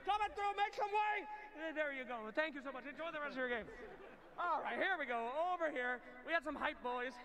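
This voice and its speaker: Very high pitched guy yelling and hyping up fans, loud arena crowd all around. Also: expressive, brisk. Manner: hyped, shouting, playful. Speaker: crowd interviewer. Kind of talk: live event crowd interviews.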